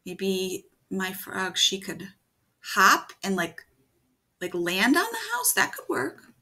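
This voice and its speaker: Slow, gravelly woman teaching writing. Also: mid-range voice, sing-song. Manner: thinks aloud, gentle and encouraging, with frequent restarts. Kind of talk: video writing lesson for children.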